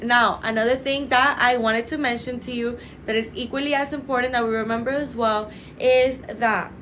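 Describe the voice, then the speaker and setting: A woman presenting a live-streamed product pitch for a clinic, chatty and salesy, addressing viewers as "you guys" and repeating set sales phrases. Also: steady tone, normal speed, fairly bright tone, slight background noise, poor audio. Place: indoors under bright lights.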